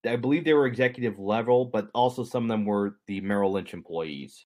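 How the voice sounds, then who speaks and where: A young man with a lowish voice talks through a story on a podcast. He rambles and corrects himself as he goes, slipping in dry jokes along the way. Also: brisk, a little mellow. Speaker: podcast co-host. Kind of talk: casual explanatory chat.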